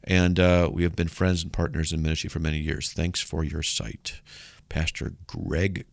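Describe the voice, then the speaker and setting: A man's voice: a bass voice, normal speed, vocal fry, dry recording. A man hosting a call-in radio show, talking emphatically and acting out mock back-and-forth dialogues to make his point. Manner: animated, emphatic, argues by playing out mock dialogues. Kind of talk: call-in radio apologetics talk.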